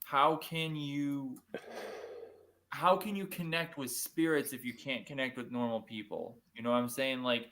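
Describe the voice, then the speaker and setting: A man, a paranormal investigator guest, talking casually in an earnest, halting and reflective way. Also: medium pitch, steady tone, a bit bright. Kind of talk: casual chat.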